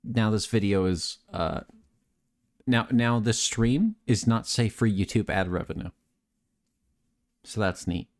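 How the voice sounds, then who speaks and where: A young man with a fairly low voice hosts a relaxed late-night stream. He rambles and jokes, reading chat messages aloud and answering them in a casual, unpolished way. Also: slow, pauses often. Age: young adult.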